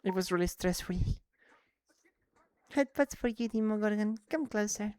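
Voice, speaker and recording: A woman streaming live, chatting casually and excitably with viewers while playing, slipping between English and Spanish. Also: mid-range voice, moderate pace, smooth, no echo.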